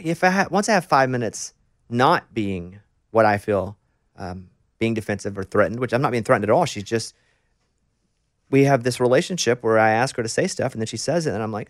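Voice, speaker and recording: A man hosts a relaxed interview, telling stories at a rapid clip and acting out the lines he quotes. His voice sits at a middle pitch and is recorded close and dry. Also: dry recording. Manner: fast, animated storyteller, acts out quotes. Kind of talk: conversational interview.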